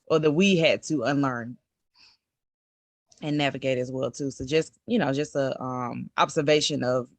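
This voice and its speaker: A woman's voice: rumbling low, steady tone, moderate pace, dry recording. Brief: woman, mid voice, parent joining a call, dry close sound. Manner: laughing, reflective, loose. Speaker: attendee, parent. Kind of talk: casual webinar chat. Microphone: video call.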